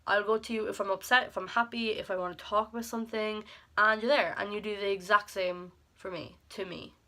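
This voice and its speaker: A woman's voice: medium pitch, steady tone, fairly quick, pushed and bright. A young woman recording a rambling, heartfelt birthday message to a close friend at home, full of "like" and fond, emotional asides. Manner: rambling and affectionate, heavy use of "like"; emotional, near tears at times. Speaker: vlogger.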